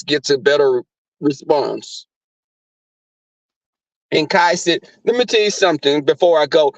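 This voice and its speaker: A man's voice: fairly high pitch, a little slow, no room sound, lo-fi sound. A man telling crude, profane stories to live viewers from his workplace. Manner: crude, animated, frequent laughs and swearing. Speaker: live streamer.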